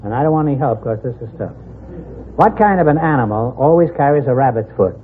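A man's voice: mid-range voice, lively intonation, fast. A man hosting a 1950s radio quiz show, wisecracking and teasing the contestants. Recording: tinny old radio broadcast with hiss.

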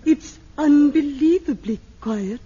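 An earnest heroine of an old-fashioned stage melodrama. She speaks slowly in a high, mellow voice with a lively lilt. It comes through a dull, faintly hissy old television recording. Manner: slow, mannered line reading. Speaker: amateur actress reading a scene.

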